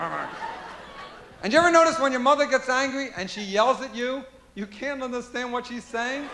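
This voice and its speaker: A man performing a stand-up comedy routine, animated and shouting impressions of his parents, with audience laughter. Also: very high-pitched, quick pace. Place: live comedy venue. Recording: echoey live room with noise.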